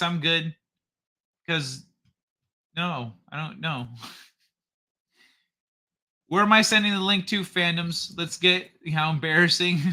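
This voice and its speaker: A man's voice: on the high side, sharp tone. A man hosting a casual livestream, reading chat aloud in a loose, profane way and laughing often. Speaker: livestream host.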